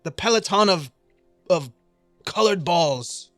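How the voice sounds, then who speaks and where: Bright-voiced, chatty male game master. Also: high-pitched, expressive, takes it slowly, no echo, faint music behind. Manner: loose and chatty, with frequent filler. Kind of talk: narrating a tabletop game.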